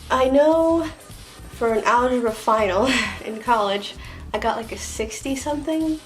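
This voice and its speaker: A woman's voice: on the high side, measured pace, faint music behind, poor audio. A young woman with a Floridian American accent, chatting casually through a tag video with lots of "like" and "um". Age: young adult. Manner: chatty and rambling, many "like" and "um" fillers. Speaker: vlogger.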